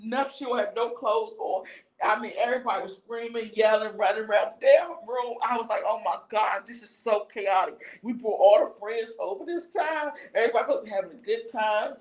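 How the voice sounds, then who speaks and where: A woman casually telling a story on a talk stream, lively and slangy. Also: fairly high pitch, a little fast, reverberant, rough recording. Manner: lively, animated retelling with slangy asides.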